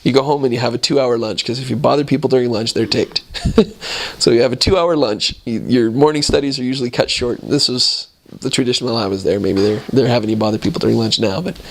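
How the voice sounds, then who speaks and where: This returned missionary, a man in his thirties, talks fast at medium pitch as he shares mission stories. He's animated throughout, voicing the different people in each anecdote.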